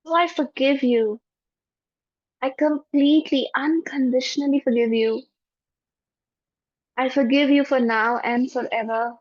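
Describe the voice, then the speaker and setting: Gentle Indian-English woman guiding meditation. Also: sits high, fairly even intonation, no room sound. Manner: gentle, soothing, repeats phrases slowly. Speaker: spiritual teacher. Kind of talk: online class and guided forgiveness meditation. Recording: dull, dry lo-fi audio.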